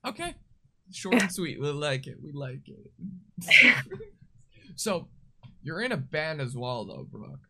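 A man hosting a casual podcast interview, playful and quick to laugh, using loose slang. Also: fairly high pitch, sing-song, sharp tone. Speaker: podcast host.

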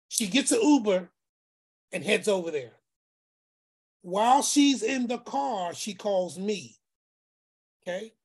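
Storytelling man, lively voices. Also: high-pitched, a little slow, pauses often, breathy edge. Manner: animated, acts out voices, repeats phrases; preacherly, speaks of faith. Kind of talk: casual storytelling.

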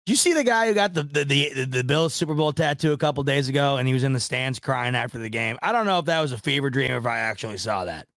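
A man's voice: mid-range voice, expressive, fast talker, gravelly, hardly any pauses, fairly bright tone, dry recording, clean studio sound. A man hosting a casual sports podcast, rambling in a frustrated, self-deprecating way and swearing now and then. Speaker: podcast host.

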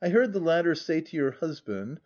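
A man playing a smooth, insinuating young gentleman who speaks quietly and measured, on a dull lo-fi audiobook recording. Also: a little high, very animated. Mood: hushed. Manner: quiet and measured, sometimes murmured.

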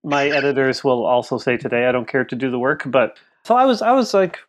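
Speaking a little fast and expressively in a mid-range voice, this man in his thirties co-hosts a podcast. In casual storytelling chat he shares a family story, emotional and rambling, leaning heavily on "like."

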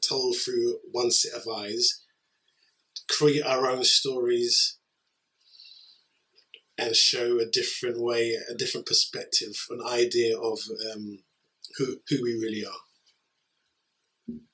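A podcast co-host reflecting thoughtfully and haltingly on a conversation. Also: mid-range voice, flat delivery, sharp tone. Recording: distant mic with faint background noise.

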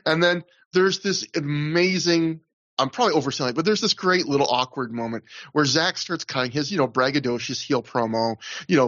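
A man's voice: a little high, fairly bright tone, muffled recording. A man hosting a casual podcast, rambling through a recap, often laughing and restarting his sentences. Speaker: podcast host.

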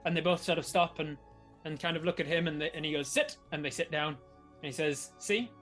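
A man runs a tabletop game as game master, with a voice a touch high and an easy, animated delivery. He laughs often between the rolls. Faint music plays behind him. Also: fast.

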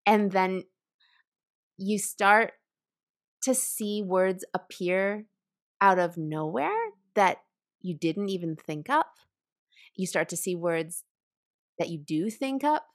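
A woman who teaches writing, explaining a creative exercise in an animated, conversational way and laughing often. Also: mid-range voice, slow pace, long pauses. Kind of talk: conversational podcast interview.

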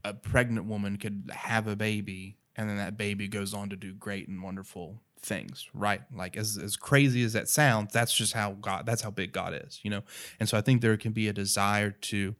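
A man's voice: fairly low pitch, steady tone, moderate pace, fairly bright tone. A man from North Carolina with an Appalachian accent, talking about faith in an earnest, rambling, casual way. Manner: earnest, rambling, many "you know" and "right".

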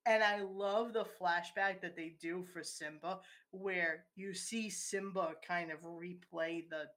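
A woman's voice: fairly low pitch, steady tone, slow pace, fairly bright tone. A woman in casual conversation, walking through a film scene step by step and acting out its quoted lines.

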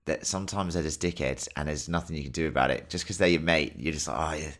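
A young man with an extremely deep voice talks through a film in a casual review chat. He rambles eagerly and swears freely. His tone stays loose and conversational. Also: fast, a bit bright. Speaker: podcast co-host.

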